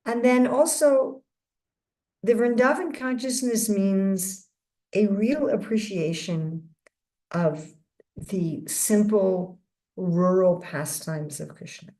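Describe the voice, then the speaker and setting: A woman giving a devotional lecture in a measured, reflective way, often restarting her sentences as she talks. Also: medium pitch, mellow. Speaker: guest speaker giving a scripture class.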